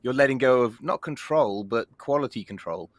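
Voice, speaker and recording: Guy panelist on a video call, super animated voice, wry, jokey. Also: medium pitch, normal speed, no room sound. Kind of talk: casual online panel Q&A.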